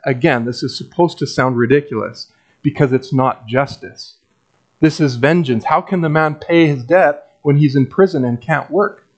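A man preaches a sermon in an easy, conversational tone, dropping wry asides. His voice sits a little high. The recording sounds muffled and lo-fi. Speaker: pastor.

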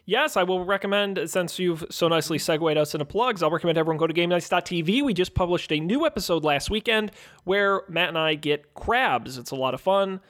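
A man co-hosting a casual podcast, his voice sitting a little high for a man. He talks in an easygoing, jokey way, riffing and plugging the show. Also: animated, a little fast, few pauses, fairly bright tone. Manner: easygoing, jokey, plugs shows. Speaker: podcast co-host.

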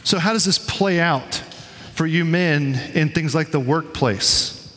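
A man preaching a sermon to his congregation in a relaxed, conversational way, telling stories and acting out quotes. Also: a little high, takes it slowly, in a large hall. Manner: conversational, storytelling with quoted voices. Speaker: pastor. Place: church sanctuary.

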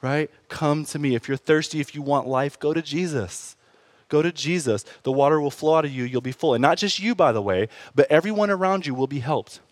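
A man preaching a sermon in an animated, conversational way, often tossing in quick asides to the congregation. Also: fairly high pitch, no echo. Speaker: pastor.

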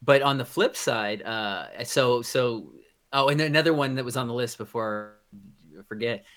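Bright-voiced rambling man. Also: mid-range voice, normal speed. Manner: rambling, many restarts and fillers. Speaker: podcast co-host. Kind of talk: casual chat.

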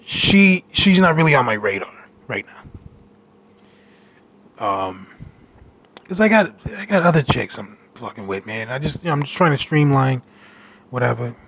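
A man telling a rambling story about a date in a brash, casual monologue with loud asides. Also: a little high, gravelly. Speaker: dating storyteller.

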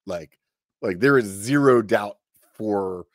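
A middle-aged man telling a story casually on a podcast, animated, with lots of filler words and cursing. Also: on the low side, takes it slowly, dry recording, clean studio sound. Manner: animated, swearing, many "like" fillers. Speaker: podcast guest.

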